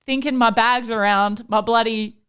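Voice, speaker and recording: A woman's voice: on the high side, fairly even intonation, normal speed, a bit bright, clean tone. A young woman co-hosting a podcast, chatting casually and telling her side of a story. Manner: chatty, laughs along. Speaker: podcast co-host. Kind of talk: casual chat.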